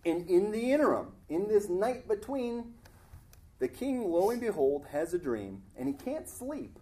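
A man preaching a sermon, retelling a Bible story in a conversational, animated way. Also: high-pitched, a little slow.

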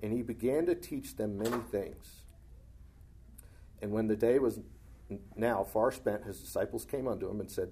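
Man, dark mellow tone, slightly husky, reading and explaining scripture, frequent throat clearing. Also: mid-range voice, normal speed. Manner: reads verses aloud, then comments plainly; clears his throat often. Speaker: Bible teacher.

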